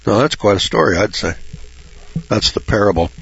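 Blunt husky-voiced man preaching informally. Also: on the low side, expressive, normal speed. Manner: blunt, folksy, swears freely; mocks churchgoers with sarcastic asides. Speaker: Bible teacher. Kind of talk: informal Bible commentary. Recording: dull lo-fi recording.

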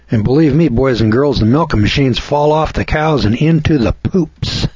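A man's voice: mid-range voice, moderate pace, few pauses, darkish tone, slightly rough, no room sound. An older man hosting a radio show, giving folksy, preachy commentary and stretching key words for emphasis. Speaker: radio host. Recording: dull lo-fi radio sound.

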